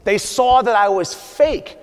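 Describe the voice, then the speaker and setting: High-voiced man giving a keynote. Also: slow pace. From USA. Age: 40s. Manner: emphatic, repeats "right?" to the audience. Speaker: conference speaker. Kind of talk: motivational keynote talk. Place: large conference hall. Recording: long hall reverb.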